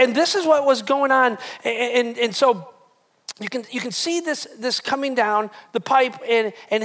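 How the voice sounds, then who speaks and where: A male pastor delivering a sermon to a live congregation, retelling scripture in a lively, conversational way with frequent restarts. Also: very high voice. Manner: animated, conversational storytelling with many restarts. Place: church hall with live congregation.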